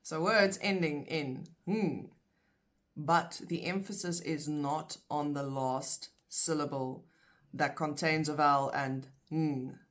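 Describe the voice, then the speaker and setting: A woman teaching vocabulary in a video lesson, saying each word and its plural slowly and carefully, in pairs. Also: low voice, fairly even intonation. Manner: slow, careful, repeats words in pairs. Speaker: language teacher.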